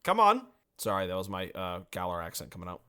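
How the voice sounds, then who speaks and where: A man co-hosting a casual comedic podcast, playful and teasing, with quick jokes. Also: sits low, flat delivery, fairly bright tone, smooth. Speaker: podcast co-host.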